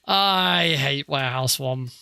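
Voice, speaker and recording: A man's voice: mid-range voice, slow pace, gravelly, bright, forceful tone, clear, resonant tone, dry recording. A man chatting casually while streaming a game, joking at his own expense and laughing often. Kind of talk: casual gameplay livestream commentary.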